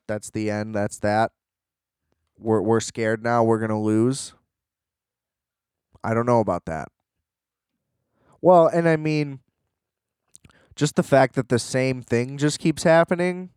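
A man's voice: mid-range voice, a little mellow, clear, resonant tone, no echo, clean studio sound. A young man in a rambling, sarcastic casual rant, full of fillers and restarts.

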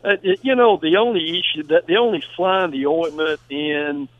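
A man phones in to a sports radio show to analyze college football. He speaks emphatically and often stammers and restarts, his fairly high voice coming through a tinny, dry phone line. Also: moderate pace, no echo.

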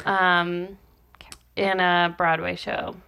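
A woman co-hosting a casual podcast, telling a story slowly with many pauses and ums, laughing now and then, with hiccups. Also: on the low side, level tone, gravelly, sharp tone, smooth. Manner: slow, hesitant, many ums, laughs easily. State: has hiccups. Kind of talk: casual chat.

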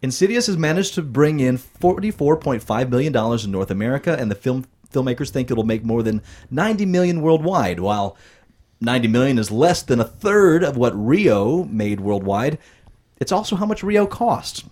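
Upbeat male podcast host, lively pitch. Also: moderate pace. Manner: upbeat, announcer-like when plugging the show. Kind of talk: casual podcast, reading news and plugs.

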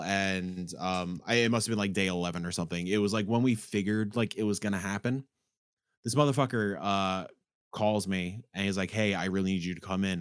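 A man's voice: on the low side, no room sound, clean studio sound. A man chatting casually and telling profane, rambling stories about an old job. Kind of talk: casual chat.

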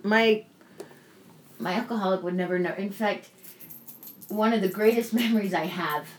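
A woman candidly telling a personal story in casual conversation, animated and swearing freely. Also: mid-range voice, moderate pace, a little hiss or hum. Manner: animated, acts out quoted voices, swears freely.

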